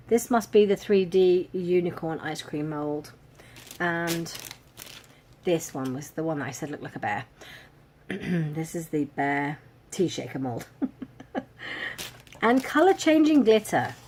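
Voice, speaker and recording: A woman chatting casually through a craft box unboxing, amused and quick to laugh. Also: deep voice, darkish tone, a little hiss or hum. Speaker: crafting vlogger.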